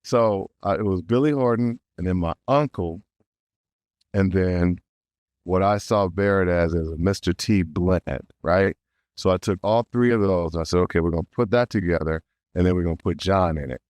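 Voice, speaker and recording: A middle-aged male voice actor, a guest in an interview, telling a story in an animated way and acting out quotes with big jumps in pitch. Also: moderate pace, dry recording.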